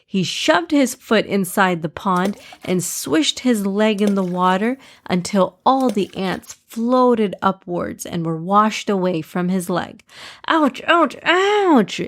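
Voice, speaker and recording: A woman narrating a children's story with gentle, measured reading. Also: medium pitch.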